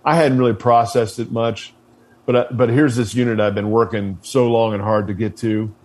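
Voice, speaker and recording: A man's voice: mid-range voice, normal speed. A man being interviewed, casually telling stories with plenty of fillers, swearing and laughter. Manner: relaxed, profane, many fillers, laughs while telling stories. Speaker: interview guest, former Marine officer.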